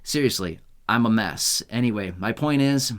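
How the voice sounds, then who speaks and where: A man's voice: fairly low pitch, lively intonation, moderate pace. A young man from the United States, hosting a casual unscripted video in a rambling, self-mocking way and laughing often. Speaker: YouTube host.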